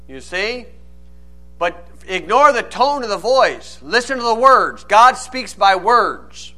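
A man's voice: high-pitched, lively intonation, normal speed, sharp tone. A man preaching a sermon, reading old-style scripture and then explaining it plainly and with emphasis.

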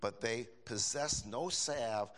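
An older man preaching a sermon in a folksy, animated way, with emphatic high bursts and casual asides. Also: slow.

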